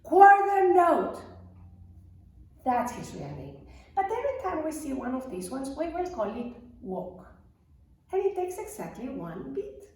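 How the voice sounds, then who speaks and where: A woman's voice: high-pitched, wildly swooping pitch, mellow, a little hiss or hum. Sing-song woman teaching music to small children. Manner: slow, sing-song, encouraging call-and-response. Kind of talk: lesson for young children. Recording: echoey room, mic far off.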